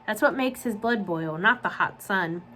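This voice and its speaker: A woman's voice: mid-range voice, normal speed, bright, forceful tone, natural voice. A woman voicing a sneering adult male camp counselor, sarcastic and scornful. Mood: mocking.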